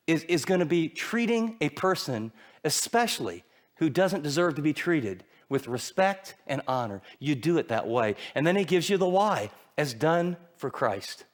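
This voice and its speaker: A middle-aged man preaching a sermon, telling stories animatedly and acting out the voices of the people in them. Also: a little high. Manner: animated storytelling with acted-out voices. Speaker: pastor.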